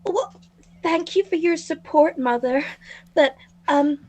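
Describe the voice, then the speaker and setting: A woman's voice: high-pitched, slow, a little mellow. A woman playing a timid grown daughter, a nervous young actress, hesitant and stammering in an improvised tabletop role-play. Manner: hesitant and stammering, politely deferential.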